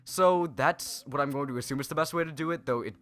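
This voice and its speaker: A man's voice: fairly high pitch, fast, fairly bright tone, soft background music. A young man hosting a let's play, giving rambling, self-correcting casual commentary on a video game.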